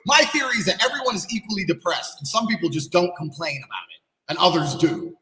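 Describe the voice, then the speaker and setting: High, lively, blunt ranting man. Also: quick pace. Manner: blunt, profane, lecturing. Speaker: podcast guest. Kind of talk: heated podcast rant. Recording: echoey room with long reverb.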